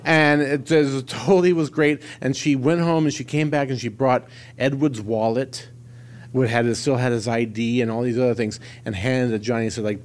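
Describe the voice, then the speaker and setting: A man's voice: mid-range voice, normal speed. A man telling a behind-the-scenes story in a casual interview, acting out the voices of the people he quotes. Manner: animated, acts out quoted voices. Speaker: film crew member recounting an anecdote.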